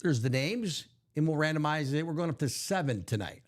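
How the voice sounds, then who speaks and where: A man hosting a live card break stream, upbeat and jokey, reading out names and spots quickly. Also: a little high, expressive.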